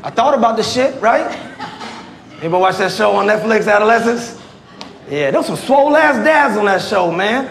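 High-voiced profane comedian in echoey club. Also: male voice, animated, brisk, a little hiss or hum. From Virginia, US. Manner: profane, loud bursts, laughing through punchlines. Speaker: stand-up comedian and military veteran. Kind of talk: stand-up comedy set. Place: comedy club stage before a live audience. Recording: echoey club with loud crowd laughter.

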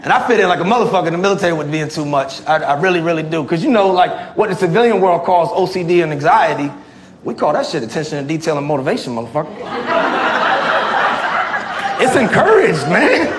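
On a comedy club stage, a military veteran in his forties from Tidewater, Virginia, performs a brash, profane stand-up set with loud outbursts. His voice is fairly high, very animated, and fast, with a little hiss or hum. The roomy club is filled with the crowd's laughter and clapping.

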